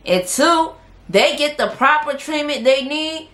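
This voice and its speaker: A woman's voice: high voice, expressive, unhurried, fairly bright tone. A woman casually recapping a TV episode, chatty and opinionated, often laughing as she talks. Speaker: TV show reviewer. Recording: roomy echo.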